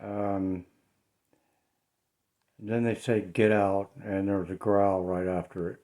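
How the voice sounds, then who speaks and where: A man's voice: low-pitched, level tone, takes it slowly, darkish tone. A man talking casually in a home vlog, hesitant and uneasy, with lots of ums and uhs. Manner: hesitant, many fillers, uneasy. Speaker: paranormal vlogger. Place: his home, indoors.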